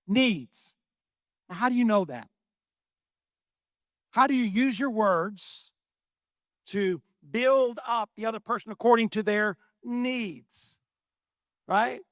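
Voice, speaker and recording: A middle-aged pastor preaching a sermon in a conversational way, often asking the congregation questions. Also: male voice, sits high, takes it slowly, long pauses, fairly bright tone, dry recording, clean studio sound.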